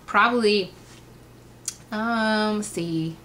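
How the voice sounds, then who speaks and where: A woman, telling funny personal stories in an animated way and acting out the quotes. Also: medium pitch, extremely slow, a little hiss or hum. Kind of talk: casual storytelling vlog.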